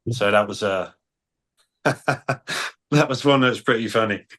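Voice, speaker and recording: A man's voice: medium pitch, slow pace, a bit bright. A man with a British accent, a dating coach, telling cheeky stories in a matter-of-fact way. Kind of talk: casual storytelling on a panel.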